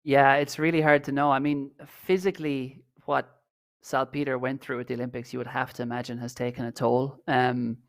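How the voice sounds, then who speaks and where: A man's voice: medium pitch, level tone, brisk, dry recording, clean studio sound. An Irish man co-hosting a podcast, chatting casually and commentating on a marathon in a rambling, self-deprecating way. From Ireland. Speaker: podcast co-host. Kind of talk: casual chat, race commentary.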